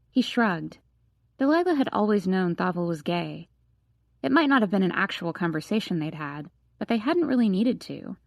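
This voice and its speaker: A woman narrating a young adult novel as an audiobook reader, in an even storytelling manner. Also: medium pitch, vocal fry, dry recording, clean studio sound. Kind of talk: scripted narration.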